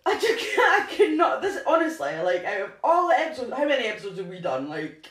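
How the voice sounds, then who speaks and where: A woman's voice: high voice, very animated, a little fast, a bit bright. Giggly woman co-host rambling in casual chat, sounds like a roomy space. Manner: giggly, rambling, self-mocking. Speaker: podcast co-host. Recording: echoey room.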